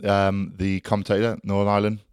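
Deep-voiced male co-host, relaxed joking chat, dry mic. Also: a little fast, smooth, no echo. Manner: laid-back, teasing banter. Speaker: podcast co-host. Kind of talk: casual chat.

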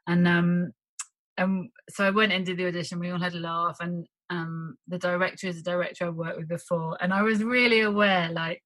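A chatty woman with a husky, slightly low voice tells anecdotes in relaxed conversation. She laughs easily and slips into quick impressions of herself. The sound is close and dry, with no room around it. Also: no echo, rough recording. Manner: chatty, laughs often, acts out quotes. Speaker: actress guest. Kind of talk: casual chat.

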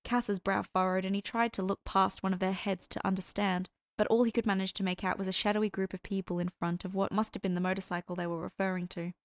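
A woman's voice: medium pitch, little pitch movement, fast talker, few pauses, no echo. Woman narrating a story, dry close sound. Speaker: audiobook narrator. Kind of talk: scripted fan fiction narration.

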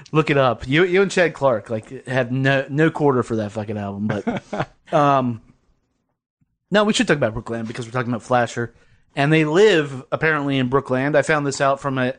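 A man hosting a casual podcast from a basement, his voice sitting at an ordinary pitch. He rambles loosely, swears freely and breaks into laughs. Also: normal speed. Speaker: podcast host. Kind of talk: casual chat.

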